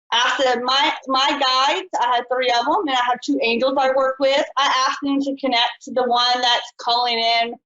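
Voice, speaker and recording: A woman's voice: fairly high pitch, a bit bright. A woman hosting a live call-in psychic show, chatty and folksy. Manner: chatty, folksy, says honey and y'all. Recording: dull lo-fi live stream.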